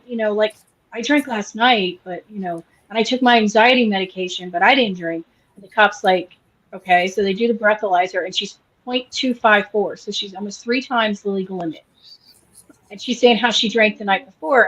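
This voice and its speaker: Chatty woman retelling a story. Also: mid-range voice. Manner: animated retelling with quoted voices. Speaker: podcast co-host. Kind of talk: casual storytelling chat. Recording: slightly dull lo-fi sound.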